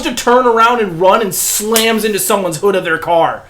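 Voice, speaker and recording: A man's voice: high voice, normal speed, few pauses, a loud crowd. A young man, a podcast guest, telling a wild story casually, swearing freely and acting out the voices of the people in it. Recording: echoey room.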